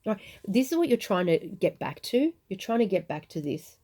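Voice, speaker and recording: A woman giving an intuitive tarot reading to camera, earnest and reassuring, often pausing and restarting as she searches for words. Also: mid-range voice, sing-song, warm tone. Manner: searching, repetitive, speaks in halting restarts; earnest, reassuring, addresses viewers directly. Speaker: tarot reader.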